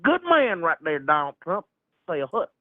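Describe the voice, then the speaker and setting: A man's voice: a little high, sing-song, normal speed, narrow, tinny audio. A man calling in and putting on an exaggerated Southern good-ol'-boy voice. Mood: boisterous. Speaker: caller. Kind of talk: caller doing a put-on Southern drawl.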